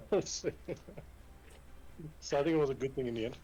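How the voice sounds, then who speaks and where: A man's voice: medium pitch, moderate pace, dark tone, husky, rough recording. A man playing his character in a tabletop game, casual and rambling, often laughing. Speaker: player.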